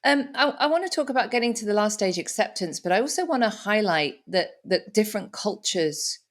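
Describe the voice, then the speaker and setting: Middle-aged woman host chatting openly, thoughtful, lots of restarts, mid-pitched. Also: animated, a little fast. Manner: candid, reflective, with frequent restarts. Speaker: podcast host. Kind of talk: casual conversation.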